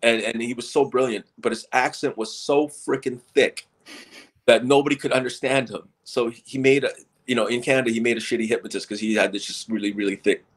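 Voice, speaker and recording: A man's voice: mid-range voice, steady tone, a little fast. A middle-aged man, a stage hypnotist, telling stories in a casual interview and often repeating and restarting his words.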